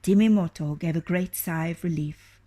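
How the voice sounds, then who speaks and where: A woman reading a children's storybook aloud, expressive and often dropping into a hushed whisper. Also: on the low side, moderate pace.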